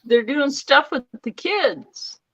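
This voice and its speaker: A woman talking slowly in a casual group chat, laughing easily. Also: high voice, animated, fairly bright tone, muffled recording. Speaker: chat participant.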